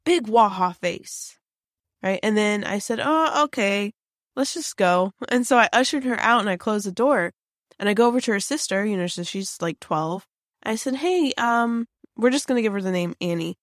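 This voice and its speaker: A woman tells a creepy story from her own life in a loose, chatty way, with lots of fillers and restarts. Her voice sits at a middle pitch. The sound is close and dry. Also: fast, dry recording. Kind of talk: casual spooky storytelling.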